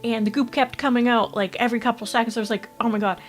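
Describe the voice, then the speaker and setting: Casting note: young adult woman from Canada, streamer voice, blunt and quick to laugh, faint music behind. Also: fairly high pitch, steady tone. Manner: blunt, swears freely, laughs often. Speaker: VTuber streamer. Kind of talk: casual stream chat and storytelling.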